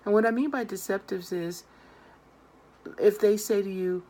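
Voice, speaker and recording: Gravelly, earnest woman tarot reader. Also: medium pitch, normal speed, darkish tone. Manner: earnest, emphatic, addresses viewers directly. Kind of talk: direct-to-camera advice monologue.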